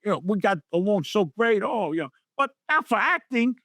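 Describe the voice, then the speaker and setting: Middle-aged New guy, raised pitch, bone-dry mic, lively raconteur doing voices for everyone he quotes. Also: moderate pace, no echo. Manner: animated storyteller acting out quotes in voices. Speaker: guest. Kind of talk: storytelling interview.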